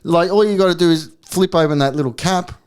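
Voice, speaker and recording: Slightly high Australian bloke saying "mate". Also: male voice, brisk, darkish tone, clear, resonant tone. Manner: laddish, peppers talk with "mate". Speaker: podcast co-host. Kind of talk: casual podcast banter.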